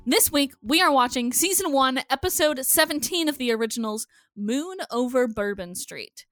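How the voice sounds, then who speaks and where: A young adult woman hosting a casual podcast, animated and laughing often, with lots of filler words. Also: high voice, normal speed, no room sound, clean studio sound. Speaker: podcast host. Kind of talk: casual chat.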